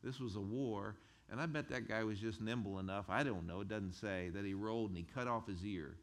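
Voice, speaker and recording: A male pastor who preaches a sermon in a conversational, animated way and chuckles between his points. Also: on the low side, fairly quick.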